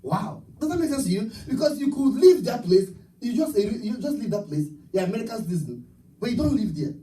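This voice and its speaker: A man's voice: high-pitched, very animated, fairly quick, dark tone, far from the mic, poor audio. A man preaching a live church sermon, rousing the congregation with call-and-response and rhetorical questions. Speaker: pastor. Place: church sanctuary at a live service.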